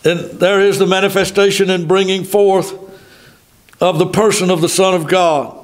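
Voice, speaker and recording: An older man with a Southern American accent preaching a sermon in a folksy way, stopping for asides and reading scripture slowly. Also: high voice, fairly even intonation. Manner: folksy, thinking aloud with asides. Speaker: pastor.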